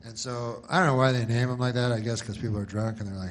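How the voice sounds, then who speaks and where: A man doing a stand-up comedy set, deadpan and rambling, with many asides and put-on voices. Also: medium pitch, fast talker. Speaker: stand-up comic.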